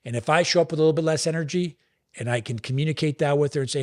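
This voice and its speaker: A man's voice: on the high side, racing, darkish tone. Earnest man coaching on relationships. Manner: earnest, coaching tone, acts out dialogue. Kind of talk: podcast conversation on relationships.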